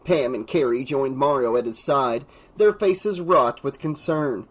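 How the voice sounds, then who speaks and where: The audio is poor as a man narrates an unabridged horror novel for an audiobook, barely pausing and holding a measured pace. He reads dramatically, raising his pitch and volume into shouts for the characters.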